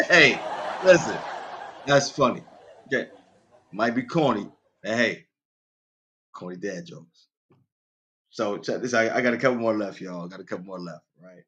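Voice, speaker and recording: A man's voice: pushed and bright, slight background noise. A man hosting a casual radio show, telling dad jokes, laughing at his own punchlines and talking straight to his listeners. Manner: quoted voices go far higher in pitch.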